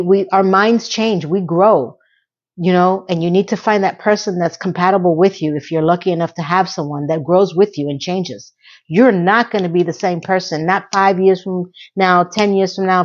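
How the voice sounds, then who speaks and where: A woman's voice: lowish voice, a little mellow, lo-fi sound. A middle-aged woman giving a chatty, opinionated recap of a TV episode and offering life advice.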